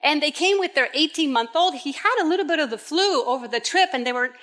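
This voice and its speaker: A woman preaching a sermon, telling the story in a lively way and acting out the quoted voices. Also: sits high, fast.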